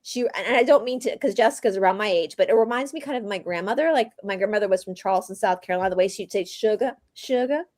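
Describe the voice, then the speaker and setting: A woman's voice: medium pitch, racing, hardly any pauses, darkish tone, no echo. A woman with a Southern American accent hosting a casual livestream chat, talking in a rambling, chatty way and laughing often. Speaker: host.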